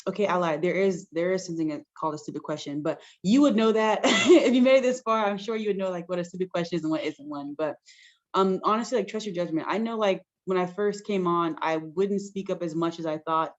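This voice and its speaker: A woman's voice: on the low side, brisk, highs cut off. A woman pharmacist giving frank, chatty career advice as a guest on a video call, full of likes and ums. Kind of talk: casual advice-giving interview.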